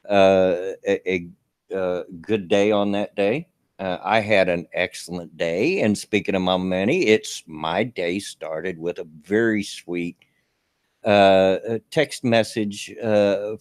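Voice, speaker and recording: A man's voice: on the low side, no room sound, studio quality. A man, hosting a live stream in a folksy, rambling way with many fillers and restarts. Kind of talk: casual chat.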